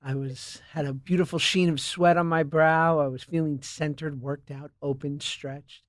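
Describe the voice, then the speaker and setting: Man, podcast co-host, fairly high voice, playful storytelling, dry close sound. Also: steady tone, moderate pace, no echo. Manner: playful, laughing, acts out quoted lines. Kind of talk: casual comedic storytelling.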